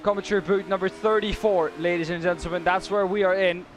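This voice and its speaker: A man's voice: sits high, fairly even intonation, fast, noisy background. Dry, teasing co-commentator man. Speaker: sim racing co-commentator. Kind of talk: live race commentary banter.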